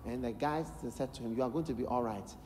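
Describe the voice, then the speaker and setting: A man with a Ghanaian English accent preaching a sermon, telling a story with lively acted-out voices and bursts of shouted prayer. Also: medium pitch, fast talker, slight background noise. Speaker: bishop preaching. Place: large church hall. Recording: echoey large hall, live sermon.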